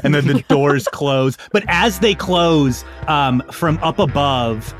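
A man's voice: fairly high pitch, slow pace, faint music behind. A man narrating and refereeing as game master, loose and laughing as he improvises.

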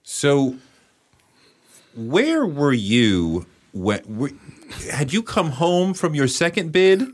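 Male host, expressive pitch, probing questioner. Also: drawn-out words. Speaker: interview host. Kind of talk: casual interview.

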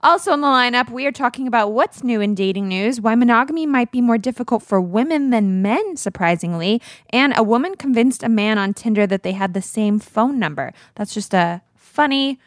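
A woman's voice: on the high side, lively intonation, fairly quick, hardly any pauses, dry recording, studio quality. A woman in her thirties co-hosting a podcast, chatting casually and laughing often as she tells stories. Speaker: podcast co-host. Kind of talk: casual chat.

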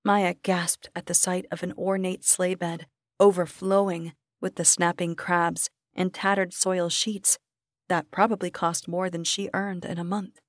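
Low-voiced woman narrating a horror story. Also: dry recording, clean studio sound.

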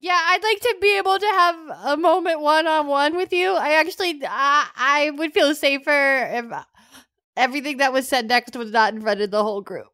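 A woman's voice: high voice, moderate pace, pushed and bright, dry recording, studio quality. A woman voicing a meek, dramatic young bar worker who plays the victim in a comedic tabletop game. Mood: timid.

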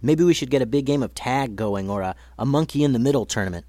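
A man's voice: medium pitch, animated, fast, mellow, dry recording, lightly acted. A man voicing a friendly, easygoing boy with an upbeat manner.

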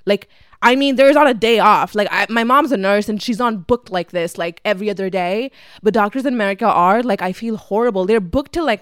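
A woman in her twenties from Dubai talks through a long personal story on her podcast, loose and chatty, peppering it with fillers and curse words. Her voice is smooth and clear. The sound is close and dry, with no room around it. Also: mid-range voice, dry recording. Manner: chatty, swears freely, fillers like "like". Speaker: podcast host. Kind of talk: casual storytelling monologue.

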